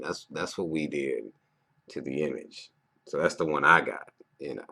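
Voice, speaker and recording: A man in his thirties giving a profane, rambling casual monologue as a vlogger, breaking into loud animated outbursts. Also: extremely low pitch, vocal fry. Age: 30s.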